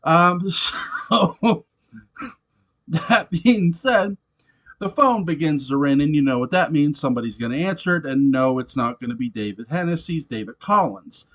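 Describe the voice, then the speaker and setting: A man casually reviewing a TV episode, animated and swearing often, laughing between points. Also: on the high side, unhurried. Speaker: show reviewer.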